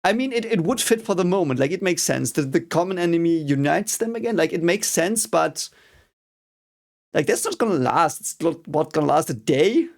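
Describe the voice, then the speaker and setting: Gravelly German man reacting, swearing. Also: fairly high pitch, animated, normal speed, darkish tone. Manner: frustrated, swears a lot, mock-cheering outbursts. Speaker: reaction video host. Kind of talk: casual reaction commentary.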